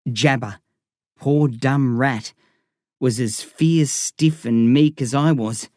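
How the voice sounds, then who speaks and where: A man's voice: mid-range voice, takes it slowly, a little mellow, dry recording. Man narrating an audiobook, dry close sound. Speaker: audiobook reader. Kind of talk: scripted narration.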